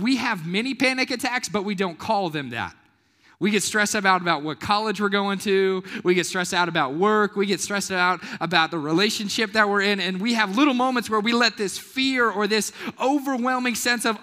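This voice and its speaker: A man's voice: sits high, moderate pace, pushed and bright. A male pastor, preaching a casual youth sermon and calling the crowd to respond. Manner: casual and playful. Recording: long hall reverb.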